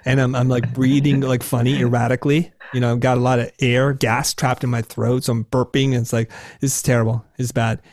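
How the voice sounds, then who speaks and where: Speaking a little fast with hardly any pauses, a forties-aged guest animatedly tells candid, self-mocking stories from his own life. When he quotes his nervous younger self, his voice jumps high and squeaky. The close, dry recording has no room sound.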